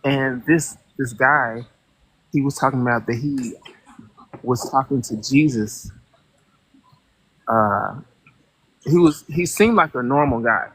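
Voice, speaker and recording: A caller on a call-in show who talks casually and hesitantly, with many fillers, searching for words and growing animated when incredulous. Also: medium pitch, slow pace, pauses often, slightly rough.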